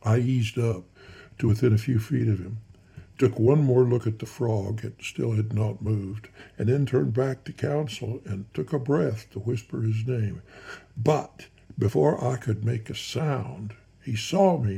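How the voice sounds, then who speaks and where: Gravelly, husky male storyteller. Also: mid-range voice. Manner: folksy, drawn-out narrating with soft hushed asides. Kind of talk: spoken storytelling.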